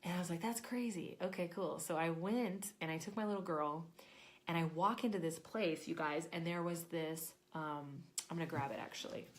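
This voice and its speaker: A woman in her thirties, an intuition coach, telling a personal story in a chatty, animated way and acting out her own thoughts. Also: fairly low pitch, normal speed, a little hiss or hum. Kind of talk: casual storytelling to camera.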